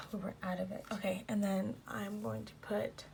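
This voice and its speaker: A woman in her thirties narrating a casual plan-with-me video at home, talking softly and often half-whispering to herself, flustered and self-deprecating about her mistakes. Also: medium pitch, flat delivery, unhurried, vocal fry. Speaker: planner vlogger. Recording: noisy home recording.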